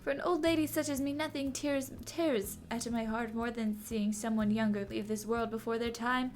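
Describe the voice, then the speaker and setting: A woman voicing a kind, wise old woman who speaks gently and consolingly. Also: a little high, fairly even intonation, moderate pace, faint music behind, natural voice. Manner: gentle, consoling, calls people dear.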